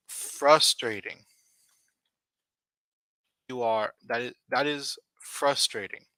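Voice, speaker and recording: A man teaching English vocabulary on a live stream, speaking slowly and deliberately and repeating key words for his learners. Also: medium pitch, sharp tone, no room sound.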